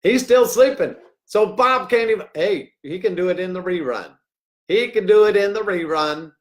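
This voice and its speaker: Man, middle-aged, rambling livestream talk, jokey, slightly high voice, very animated pitch. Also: normal speed. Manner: rambling, jokey, swings between loud and hushed. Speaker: livestream host.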